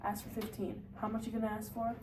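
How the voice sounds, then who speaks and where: A woman's voice: fairly high pitch, completely flat delivery, a little mellow, echoey room, far from the mic, slight background noise, close to an everyday voice, low-quality recording. A woman reading the part of an aging, blustering salesman father in an amateur play read-through, bossy and lecturing. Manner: bossy, lecturing, quick to snap.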